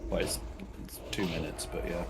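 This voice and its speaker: A man's voice: deep voice, level tone, moderate pace, music in the background. Man trading jokes over voice chat. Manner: jokey, teasing banter. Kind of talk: casual gaming chat.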